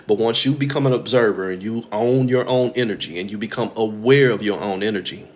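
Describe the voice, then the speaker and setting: A man's voice: lowish voice, brisk, slight background noise. Blunt, profane man preaching spirituality. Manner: blunt, profane and preachy, mimicking others in quoted asides. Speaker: spiritual talk host. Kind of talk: casual spiritual monologue.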